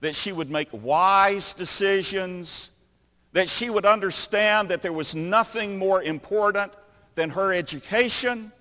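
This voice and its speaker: A man preaching a sermon, telling a story slowly with dramatic pauses between phrases. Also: high voice, bright, forceful tone, big-room sound.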